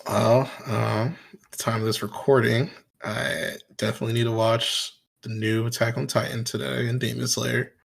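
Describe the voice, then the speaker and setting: A young man co-hosting a casual chat, relaxed and easygoing. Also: mid-range voice, moderate pace, vocal fry, breathy edge. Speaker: podcast co-host.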